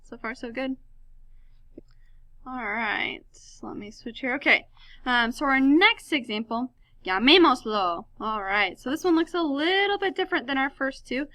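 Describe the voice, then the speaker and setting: A woman walks students through a recorded lesson, upbeat and chatty, posing questions and answering them herself. Her voice sits a bit high and sounds very bright. The recording is close and dry. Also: lively intonation, moderate pace, dry recording. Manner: upbeat, asks and answers her own questions, many ums. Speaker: high school Spanish teacher.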